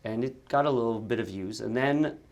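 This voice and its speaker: A man guest telling stories in a casual interview, lively, with quick bursts and frequent restarts. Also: medium pitch. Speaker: actor and content creator, guest.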